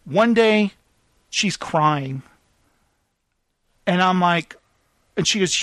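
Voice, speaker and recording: A podcast host telling a self-deprecating story in casual chat, animated and apologetic in tone. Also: male voice, high voice, extremely slow, dry recording.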